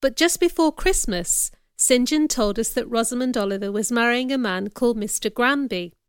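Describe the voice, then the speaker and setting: A woman reading a first-person audiobook chapter as narrator, in clear, measured storytelling. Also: fairly high pitch, dry recording, clean studio sound.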